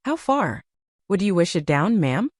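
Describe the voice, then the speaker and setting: A woman doing a gruff carter man. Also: on the low side, big pitch swings, unhurried, no echo, clean studio sound. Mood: grudging. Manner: plain-spoken, apologetic to a lady. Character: gruff working-class male carter.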